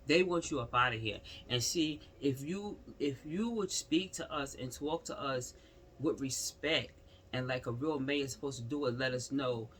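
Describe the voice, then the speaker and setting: A man's voice: medium pitch, moderate pace, fairly bright tone, slight background noise. A man giving casual, rambling political commentary as a vlogger, repeating himself and talking straight at the person he's discussing. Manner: rambling, repetitive, exclamatory, talks straight to the subject.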